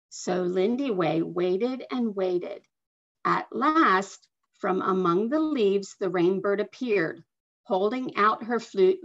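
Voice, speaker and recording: A woman slowly and expressively reading a picture book aloud to children over a video call. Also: mid-range voice. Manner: slow, expressive storytelling with soft asides. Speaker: guest reader. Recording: dull lo-fi video call audio.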